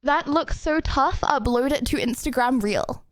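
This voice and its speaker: A woman's voice: high voice, measured pace, noisy background. A young woman streaming live, chatting casually and giggling with her chat, a little out of breath.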